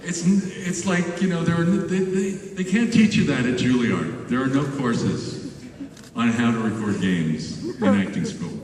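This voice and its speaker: Lively older man telling stories in a hall. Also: mid-range voice, a little slow. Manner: animated, laughing, acts out studio exchanges. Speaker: voice actor panel guest. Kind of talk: convention panel storytelling. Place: large convention hall. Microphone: handheld camera far from stage. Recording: echoey convention hall from far off.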